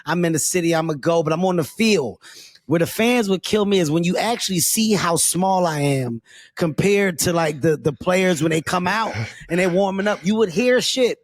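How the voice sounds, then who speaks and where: A man's voice: normal speed, no echo, studio quality. Laughing man mimicking rowdy fans. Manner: mimics shouting fans with high yells, laughs a lot. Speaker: guest comedian. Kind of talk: comic banter on a podcast.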